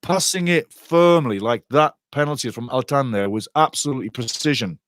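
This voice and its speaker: Blunt excitable man commentating. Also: medium pitch, normal speed, slight background noise. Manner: excitable, blunt, swings from laughing to outraged shouting. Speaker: soccer show host. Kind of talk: live watch-along commentary.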